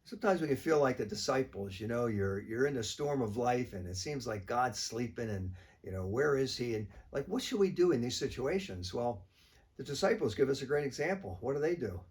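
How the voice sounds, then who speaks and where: A man's voice: medium pitch, animated, fairly quick, a little mellow. A man, a priest, giving a short weekly reflection in a conversational, plain-spoken way.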